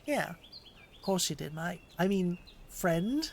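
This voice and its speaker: A woman playing a theatrical, teasing British woman teacher with a put-on British accent, quizzing in a drawn-out, mock-stern way. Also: on the low side, sing-song, gravelly, a little mellow, slight background noise, heavily acted.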